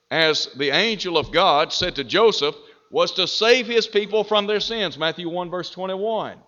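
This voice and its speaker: A man preaching a sermon, slow and deliberate, with emphatic rises on key phrases. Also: on the high side, sharp tone. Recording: dull reverberant hall.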